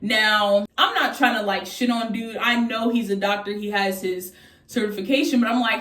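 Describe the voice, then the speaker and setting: A woman in her twenties telling a casual storytime vlog, candid and profane, jumping into high-pitched voices when she quotes people. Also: normal speed, fairly bright tone, far from the mic. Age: 20s. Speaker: vlogger. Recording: echoey room, voice off from the mic.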